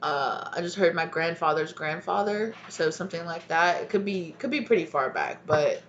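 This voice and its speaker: A woman's voice: lowish voice, moderate pace, hardly any pauses, muffled recording, very noisy. A woman giving a casual tarot reading to her viewers, rambling and chatty, laughing often and calling them y'all. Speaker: tarot reader.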